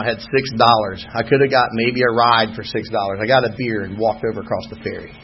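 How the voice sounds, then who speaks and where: A man's voice: fairly low pitch, fairly even intonation, fast, few pauses. A man telling his own recovery story at a meeting, rambling and candid with wry humor. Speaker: speaker sharing at a recovery meeting. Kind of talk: personal recovery testimony. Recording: muffled lo-fi recording.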